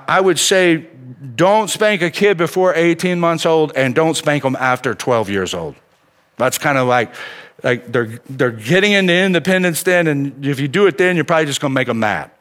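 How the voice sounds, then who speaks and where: A middle-aged preacher with a high, lifted voice and a bright, forward edge to his tone. He tells stories from the pulpit in an animated, conversational way, dropping "man" into his sentences again and again. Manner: animated storytelling, peppered with "man". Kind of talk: sermon.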